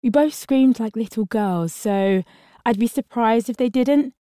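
A woman voicing a quick, wry young woman who teases in a dry, quick way. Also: a little high, dark tone, no echo, natural voice.

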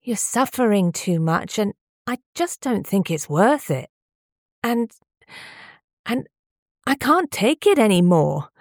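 Weary gentle husband, dull and sighing, as a woman narrator reads him. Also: mid-range voice, big pitch swings, takes it slowly, long pauses, dry recording, studio quality, voice pushed up, exaggerated voice. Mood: tired pleading. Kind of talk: audiobook character voice.

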